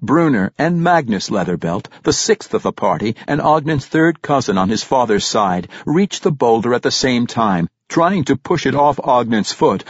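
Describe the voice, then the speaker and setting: Husky man with an animated reading voice. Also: mid-range voice, no room sound, highs cut off. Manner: dramatic, expressive reading. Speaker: narrator. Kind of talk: audiobook fantasy narration.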